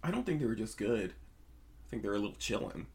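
A man co-hosting a podcast, reading a horror story aloud and then chatting, relaxed and laughing easily. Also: on the low side, brisk, creaky. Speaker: podcast co-host.

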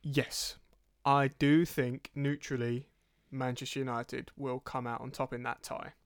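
Brief: young podcast co-host, jokey and sweary, dry close-miked sound. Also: male voice, medium pitch, flat delivery, measured pace, clean tone, no room sound. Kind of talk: casual football podcast chat.

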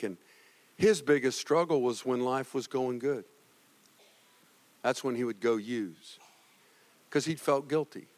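A male pastor preaching a sermon, moving between loud exhortation and quiet, heavy passages. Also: mid-range voice, in a large hall. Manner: swings from loud exhortation to hushed grief.

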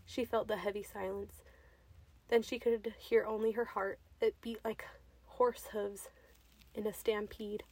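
A woman's voice: medium pitch, little pitch movement, a little slow, a little mellow, slightly rough. Woman reading a story aloud.

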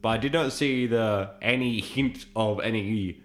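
A young male podcast co-host with a fairly low voice. He needles his friends and argues his point in loose, casual banter, often cutting in. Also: unhurried. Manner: teasing, argumentative.

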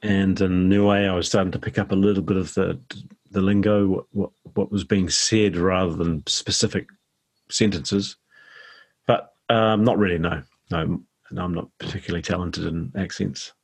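Middle-aged New Zealand man, low and deep, relaxed rambling interview guest. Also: normal speed, creaky, breathy edge. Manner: easygoing, rambling anecdotes. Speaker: actor guest.

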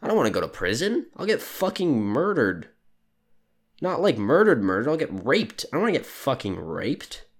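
A man's voice: mid-range voice, huge pitch swings, normal speed, few pauses. A young man from Canada ranting crudely and sardonically as a solo podcast host, sleep deprived. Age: young adult. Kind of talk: profane solo rant.

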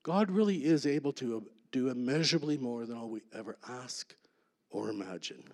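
A man tells his story in earnest, measured phrases, pausing for effect. He often drops to a soft, intense hush to land a point, in the manner of a church testimony. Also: medium pitch, expressive, in a large hall. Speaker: guest speaker.

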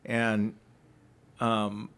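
A man's voice: on the low side, monotone, extremely slow, a bit bright, smooth. A man earnestly recounting his personal testimony in casual conversation, reflective and full of restarts. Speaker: ministry founder, podcast guest.

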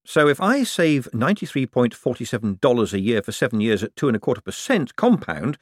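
A man voicing a quick-witted, smooth-talking young male con man with a glib, teasing manner. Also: medium pitch, big pitch swings, no echo, clean studio sound, pitched above the performer's own voice.

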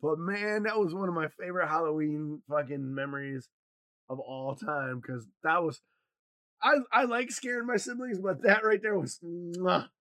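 A man from Wisconsin co-hosting a podcast, telling a rambling, profane story in a loose, animated way. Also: fairly high pitch, moderate pace, no room sound. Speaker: podcast co-host. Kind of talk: casual podcast chat, storytelling.

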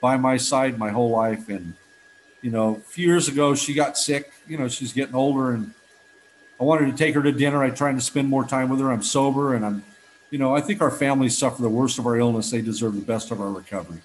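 A man's voice: medium pitch, fairly quick, a little hiss or hum, poor audio. A man in his fifties giving a heartfelt personal testimony at a recovery meeting, telling stories earnestly with frequent restarts.

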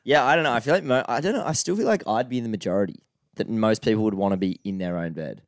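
A man's voice: fairly low pitch, fast talker, no room sound, clean studio sound. A young man with an Australian accent, co-hosting a podcast in a loose, rambling way with lots of fillers. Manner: laid-back, rambling with fillers. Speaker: podcast co-host. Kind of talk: casual chat.

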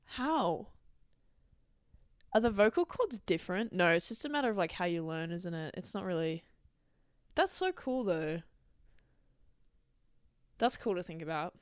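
A woman's voice: lowish voice, expressive, a little slow, long pauses, smooth, no room sound, studio quality. A young Australian woman hosting her own podcast in casual, rambling solo chat, swearing freely and wandering into asides. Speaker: podcast host.

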